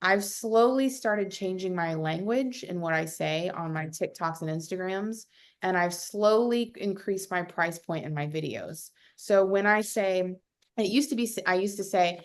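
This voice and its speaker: A young adult woman, a realtor, chatting casually over a video call, animated and full of fillers. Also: on the low side, measured pace. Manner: chatty, animated, acts out quotes with lots of fillers. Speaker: realtor panelist.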